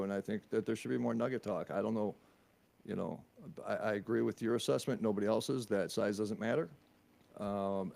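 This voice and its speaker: A man's voice: mid-range voice, creaky, a little mellow. A man hosting a podcast, wrapping up the show in a playful, rambling way with some swearing. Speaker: podcast host. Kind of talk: casual chat.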